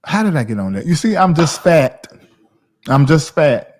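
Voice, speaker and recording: A man in his forties from the South, chatting casually on his livestream in a rambling, animated way. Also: on the high side, moderate pace. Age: 40s. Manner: rambling, animated, talks to chat viewers by name. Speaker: livestream host.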